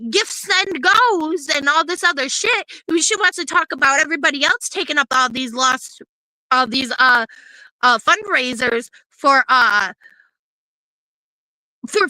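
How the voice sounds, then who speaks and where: A woman's voice: sits high, sharp tone, dry recording, low-quality recording. A woman streamer delivering a heated, profane rant, confrontational and repetitive as she scolds another creator. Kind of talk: heated ranting commentary.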